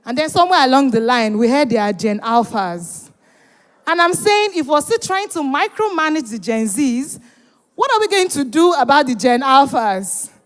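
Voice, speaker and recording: A high-pitched woman emcees a live event into a handheld mic. She is animated and playful, coaxing the crowd to answer and cheer. Her voice rings out with the long reverb of a big hall. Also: moderate pace. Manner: animated, teasing, urging the crowd. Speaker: event host. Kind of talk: hosting a live event, bantering with the audience.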